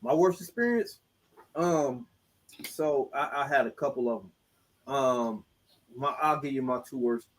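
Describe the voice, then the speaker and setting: A man's voice: mid-range voice, a little slow, pauses often, slight background noise, low-quality recording. A man co-hosting a podcast, telling a story in loose, joking, slangy talk. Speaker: podcast co-host. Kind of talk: casual chat.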